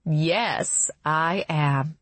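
A woman reading a novel aloud, voicing a cold, smug female villain who monologues calmly in a lower voice. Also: drawn-out words, no room sound, full character voice. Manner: calm, self-satisfied monologuing.

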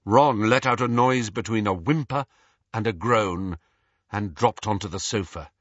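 With no room sound and dull lo-fi audio, a male audiobook narrator with a lowish voice reads a story from a script. His storytelling is expressive yet measured.

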